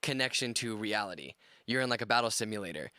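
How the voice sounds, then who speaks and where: Man, podcast panelist, rambling casual chatter, clear voice, dry sound. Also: fairly low pitch, lively intonation, fast, sharp tone, dry recording. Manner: rambling, heavy on fillers and swearing. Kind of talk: casual gaming chat.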